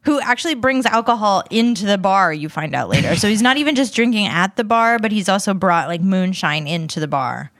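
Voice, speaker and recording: A woman's voice: medium pitch, lively intonation, fairly quick, few pauses, fairly bright tone, no echo, clean studio sound. Wry woman co-hosting a film chat. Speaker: podcast co-host. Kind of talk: casual film review chat.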